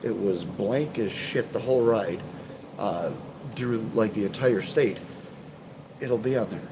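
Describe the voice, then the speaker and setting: A man's voice: fairly low pitch, unhurried, background noise. A man with a stuffed-up voice chatting casually to viewers on a live stream, rambling and hesitant with many fillers and restarts, swearing offhandedly. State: congested, stuffed up. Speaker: urban exploration channel host.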